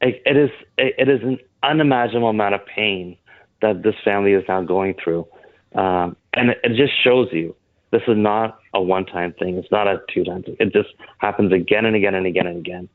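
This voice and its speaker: A man, a guest on an interview, talking earnestly with halting restarts over a phone line. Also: on the low side, dry recording. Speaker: guest, board member of an advocacy group.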